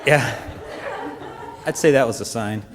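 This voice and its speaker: A man giving an earnest, heartfelt personal testimony to a congregation, speaking in a halting way. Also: mid-range voice, over a noisy crowd, heavy background noise. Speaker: church member giving a testimony. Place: church hall. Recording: long church-hall reverb.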